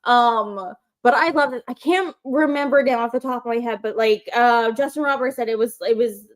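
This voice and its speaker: Chatty excited woman co-host. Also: a little high, moderate pace. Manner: excited and chatty, many fillers, swears. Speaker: co-host of a wrestling call-in show. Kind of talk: casual chat. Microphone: livestream microphone.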